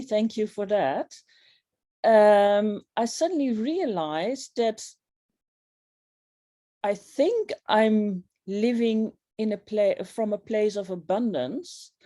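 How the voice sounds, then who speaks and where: A woman talking on a group video call, sharing thoughtfully and hesitantly, with many pauses. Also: mid-range voice, dark tone, no room sound, studio quality. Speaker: circle participant.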